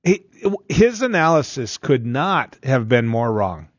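A man's voice: medium pitch, sing-song, unhurried, slightly rough, dry recording, muffled recording. A man co-hosting a sports radio show, talking as an emphatic, opinionated fan. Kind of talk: casual sports talk.

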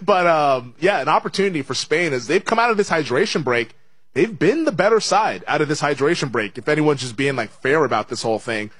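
A man's voice: a little high, expressive, brisk, a bit bright, slightly rough, no room sound. A man hosting a sports betting show, chatting casually through a live match watch-along with lots of fillers and laughs. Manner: chatty, laughs often, many fillers and restarts.

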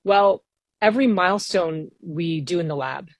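Woman scientist, interview guest, low voice, earnest and keen, dry studio sound. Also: normal speed, no room sound. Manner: earnest, enthusiastic, explains at length. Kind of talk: radio interview.

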